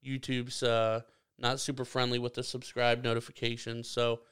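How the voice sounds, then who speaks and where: A man hosting a casual podcast, rambling and self-correcting as he talks, with plenty of jokes. His voice is very clear and smooth, sitting in a middle pitch. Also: completely flat delivery, normal speed, fairly bright tone. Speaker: podcast host.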